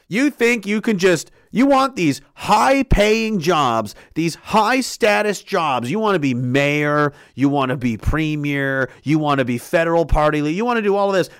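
A man delivering an angry political rant full of profanity and sarcasm, breaking into shouted outbursts. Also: sits high, no room sound, clean studio sound.

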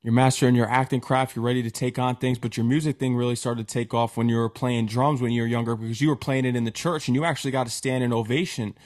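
A male interview host with a mid-pitched voice speaks steadily. He recaps the guest's story in an even, plain delivery and drops short agreements between the guest's answers. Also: fast, few pauses. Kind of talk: interview questions.

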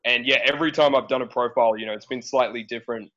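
A man's voice: medium pitch, fairly even intonation, fast, bright, forceful tone. An Australian man talking casually as a podcast guest, laid-back, swearing and hedging with lots of fillers. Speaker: guest, dating profile coach. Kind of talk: casual chat. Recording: dull lo-fi sound.

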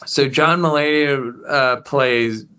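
Animated, bright-voiced young man. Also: mid-range voice, takes it slowly, clean tone. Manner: animated, swearing, laughing storyteller. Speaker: podcast co-host. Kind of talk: casual chat.

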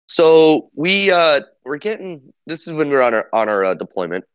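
A man on a casual podcast telling a story slowly, with many fillers and some laughter. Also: on the high side, fairly bright tone, a little hiss or hum. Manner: hesitant, many fillers, laughs while talking. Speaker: podcast co-host. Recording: dull lo-fi mic.

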